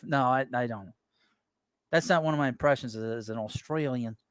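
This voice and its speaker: A man chats his way through a live baseball show, reading out viewer messages and tossing off quick opinions. His voice sits at an ordinary middle pitch. The sound is close and dry, with no room echo. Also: smooth. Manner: rambling, reads viewer messages aloud and reacts offhand. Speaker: sports talk show host. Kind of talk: casual live-stream chat about baseball.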